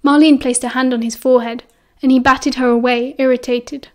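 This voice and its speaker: High-voiced British woman reading aloud. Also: flat delivery, a little fast, darkish tone. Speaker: audiobook reader. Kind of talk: fan audiobook narration.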